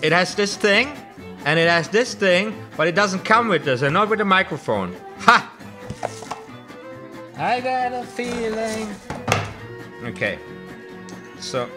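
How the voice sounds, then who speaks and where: A man's voice: high voice, lively intonation, moderate pace, music in the background. A man talking to camera as he sets up his streaming gear. He rambles through a lot of fillers and restarts, and curses when things go wrong. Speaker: vlogger setting up streaming gear. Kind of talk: unscripted self-talk to camera. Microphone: desktop USB microphone under test.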